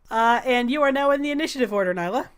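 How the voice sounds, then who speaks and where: A woman narrating a tabletop game as game master, relaxed, with many filler sounds. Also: on the high side, quick pace, clean tone.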